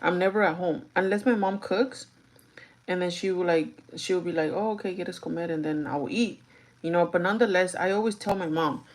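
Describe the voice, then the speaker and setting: A young woman telling a story to her viewers in an animated, chatty way while getting ready. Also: on the low side, fairly quick. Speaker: vlogger. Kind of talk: get-ready-with-me storytime chat.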